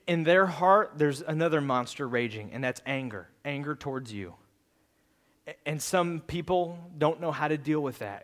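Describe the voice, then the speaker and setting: A man preaching a sermon, telling a childhood story with lively, acted-out quotes and earnest appeals to the congregation. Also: fairly high pitch. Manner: animated storytelling, acting out quotes, shouting at peaks.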